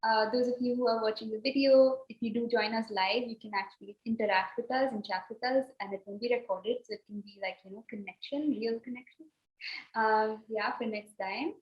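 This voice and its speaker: A woman's voice: fairly high pitch, brisk. A woman co-hosting a podcast, wrapping up in a casual, grateful, rambling way over a video call. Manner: warm, grateful, rambling with fillers. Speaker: podcast co-host. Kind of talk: casual wrap-up talk. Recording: echoey, dull lo-fi call audio.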